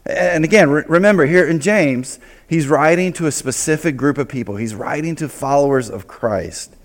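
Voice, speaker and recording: A man preaching a sermon as pastor, in a loose, conversational way, acting out quick asides. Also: on the high side, long reverb tail. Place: church sanctuary.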